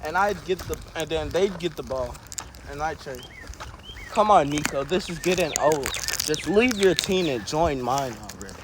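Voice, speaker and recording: A high-pitched man tells an improvised what-if story in a loose, joking way, tossing in playful insults and curses. Steady hiss sits under his voice throughout the recording. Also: normal speed. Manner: casual, swearing, playful trash talk. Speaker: co-host.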